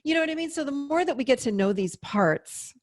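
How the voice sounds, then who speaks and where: Woman, 50s, therapist guest, animated explainer, higher pitch, dry sound. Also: brisk, no echo. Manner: animated, explaining with acted-out inner voices. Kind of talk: interview conversation.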